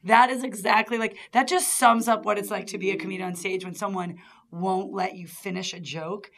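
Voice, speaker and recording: A woman's voice: medium pitch, fairly quick. A woman on a radio talk show, chatting casually and acting out quoted voices as she tells stories. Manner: animated storyteller, acts out quotes. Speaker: stand-up comic guest. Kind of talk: casual chat. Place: radio studio.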